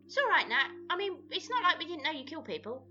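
A woman playing a tabletop game, playful and quick to joke, switching between chat and in-character talk. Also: high-pitched, very animated, sharp tone, muffled recording, soft background music. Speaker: player.

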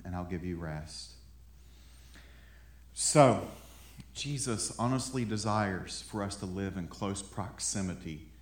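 A man's voice: lowish voice, roomy sound. A man preaching a sermon in a conversational way, often repeating words as he builds a point. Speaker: pastor. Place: room with an audience.

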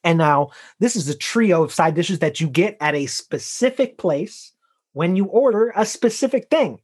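A man's voice: high voice, lively intonation, moderate pace, darkish tone, husky. A man co-hosting a podcast, rambling casually with lots of fillers and laughs. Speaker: podcast co-host. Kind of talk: casual comedic chat.

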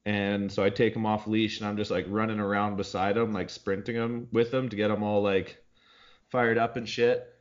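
A man's voice: lowish voice, little pitch movement, normal speed, highs cut off. A man telling a story on a casual podcast in a laid-back, profane way, often laughing. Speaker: podcast co-host.

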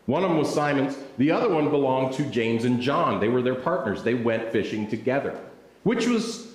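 Animated man preaching in an echoey hall. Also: medium pitch, normal speed. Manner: animated, joking, acting out scenes. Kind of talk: storytelling sermon. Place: hall with audience.

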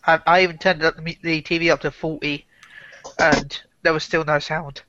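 A man co-hosts a gaming chat with a bright, tense, flat voice. He stammers and repeats words, and his audio is dry and dull. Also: fairly high pitch, moderate pace, no echo. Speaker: podcast co-host.

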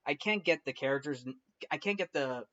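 A man's voice: on the high side, lively intonation, fairly quick, fairly bright tone, muffled recording. A man hosting a film review show, recapping the story in a casual, rambling way with many restarts and fillers.

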